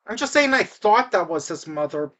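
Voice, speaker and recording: A woman's voice: on the low side, very animated, normal speed, fairly bright tone. Rambling woman recapping a movie. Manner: rambling, restarts with fillers, asides to the audience. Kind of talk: casual movie recap chat.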